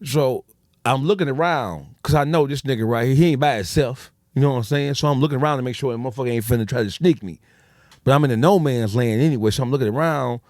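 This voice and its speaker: Man, guest on a podcast, talks quick and swears a lot, dry close sound. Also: medium pitch, darkish tone, no echo. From Detroit, USA. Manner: profane, street slang, acts out quoted dialogue. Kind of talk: casual storytelling.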